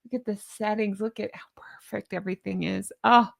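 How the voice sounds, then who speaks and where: A woman's voice: mid-range voice, steady tone, a little fast, creaky. A woman with a Southern American accent, chatting in a gushing, giddy way as she comments on royal news. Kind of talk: casual chat.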